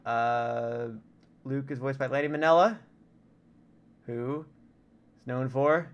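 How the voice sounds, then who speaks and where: A man's voice: mid-range voice, steady tone, slow pace, clean tone, dull audio. A young man streaming a game from home on a desk mic, chatting casually, joking and often going off on tangents, with keyboard typing now and then. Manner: chatty, joking, easily sidetracked. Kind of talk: casual live-stream commentary.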